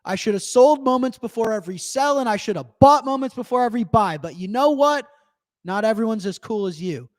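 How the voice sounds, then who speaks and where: A young man with a notably high voice hosts a live show. He talks in loose, animated bursts and swears freely. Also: fairly quick. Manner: animated, profane, excitable. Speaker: livestream host. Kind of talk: casual live-show rant.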